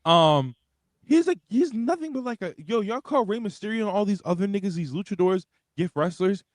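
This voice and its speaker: A man's voice: high voice, a little fast, no room sound. A young man, co-hosting a wrestling show in casual, profane, rambling chat. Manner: animated, profane, rambling with restarts. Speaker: wrestling podcast co-host.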